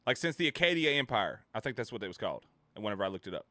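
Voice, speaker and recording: Ranting man streamer with a bright, dry sound. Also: fairly low pitch, very fast, few pauses, dry recording. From United States. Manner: animated, swearing, laughing asides. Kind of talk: casual ranting chat.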